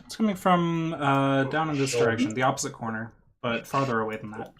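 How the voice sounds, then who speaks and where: A game master calmly narrating a tabletop game, describing the scene in a matter-of-fact way. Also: medium pitch, brisk, slight background noise.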